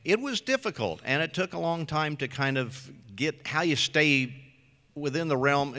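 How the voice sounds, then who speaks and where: An older man speaks on a convention panel in a bright, forward voice. His talk is easygoing and self-deprecating, full of little fillers. A long hall reverb trails his words. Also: mid-range voice. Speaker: voice actor panel guest.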